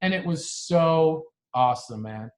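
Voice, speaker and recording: Slightly high and expressive, this man's voice moves a bit slowly as he co-hosts a podcast. He talks earnestly in a relaxed chat, laughing often and repeatedly starting his sentences over.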